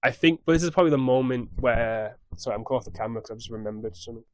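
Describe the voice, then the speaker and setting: A man's voice: medium pitch, very fast, no echo. A young man casually recapping a show on his vlog in a scattered, rambling way, swearing freely. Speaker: YouTube recap host.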